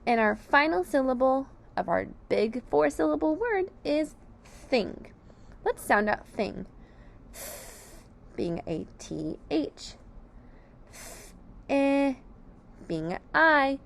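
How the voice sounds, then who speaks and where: A woman teacher slowly sounding out sight words, syllable by syllable, for young children. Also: high voice, sing-song, slight background noise. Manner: clear, deliberate sounding out of each letter. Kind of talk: slow phonics lesson.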